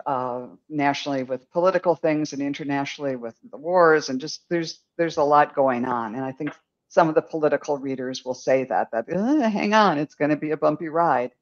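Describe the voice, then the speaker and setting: An older man giving a rambling, gentle psychic reading on a live stream, chuckling now and then. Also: mid-range voice, muffled recording. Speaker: psychic medium.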